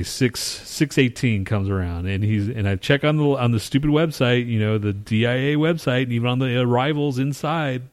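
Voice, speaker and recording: A man in an ordinary middle pitch tells a long story on a casual podcast. He rambles, swears freely and acts out his own outbursts as he goes. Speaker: podcast co-host.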